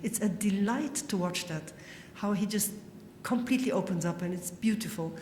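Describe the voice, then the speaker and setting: A woman's voice: medium pitch, moderate pace, a little mellow, a little hiss or hum. A woman giving an earnest spoken testimony, telling stories and quoting others as she goes. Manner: earnest, storytelling, frequent quoting. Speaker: speaker giving a talk. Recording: echoey hall with long reverb.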